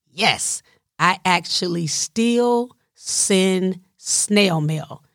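Southern woman, casual monologue storyteller, unhurried delivery, dry close sound, chatty with asides. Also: lowish voice, vocal fry, a bit bright, no echo. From Southern United States. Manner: chatty, digressive, playful asides to listeners. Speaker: storyteller, caregiver.

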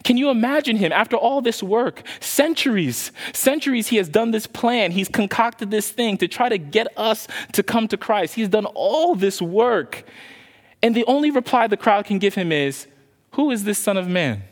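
A male pastor preaching a sermon with passion, then leading a soft, slow prayer. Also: sits high, expressive, long reverb tail.

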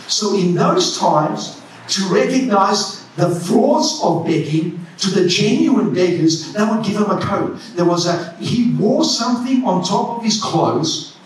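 A man preaching a sermon, impassioned and often shouting. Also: high-pitched, animated, a little slow. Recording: echoey church hall from far off.

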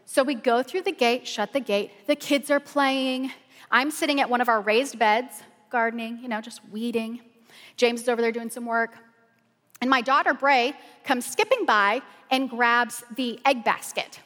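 A middle-aged woman pastor tells a story from the pulpit, animated and full of "y'all." Her voice sits a bit high, and it rings with a long reverb from a large hall. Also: normal speed. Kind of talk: storytelling sermon.

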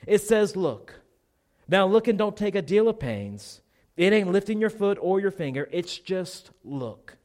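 A man voicing a thin, plain-spoken lay preacher who keeps urging his hearers in a fervent, repetitive way. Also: a little high. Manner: fervent, repetitive, rising to shouts.

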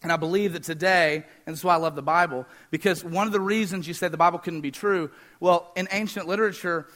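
A man preaching a sermon, fast-talking, energetic and joking with the congregation. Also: high-pitched. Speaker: pastor.

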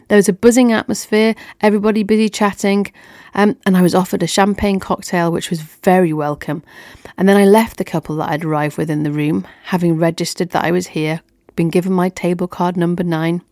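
A woman's voice: fairly low pitch, a little mellow, no room sound, clean studio sound. A woman telling a personal story on her podcast in an upbeat, chatty way.

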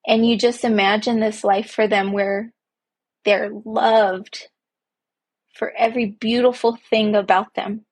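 A woman talks slowly in a personal, reflective monologue, her voice a little husky. She speaks earnestly from the heart and leans on repeated phrases for emphasis. She sounds like a parent speaking about her own life. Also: medium pitch, flat delivery, a little mellow. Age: young adult to middle-aged, a parent. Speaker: podcast host.

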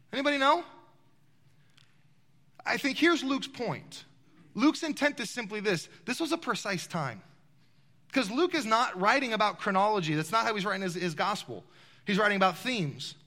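A very animated pastor preaches to his congregation in a large church, his high-pitched voice sharp in tone at a moderate pace. He asks them rhetorical questions as he goes, with a long hall reverb behind him.

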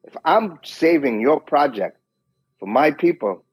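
A man being interviewed who tells animated stories, acts out quoted dialogue and often restarts his sentences. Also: fairly high pitch, measured pace, husky, poor audio. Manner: frequent restarts and repeated words. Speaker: guest, doctor and wine importer. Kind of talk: conversational storytelling.

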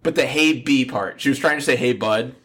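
A man's voice: medium pitch, steady tone, fast, fairly bright tone, slight background noise. A man chatting on a podcast in an easygoing, amused way. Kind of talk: casual chat.

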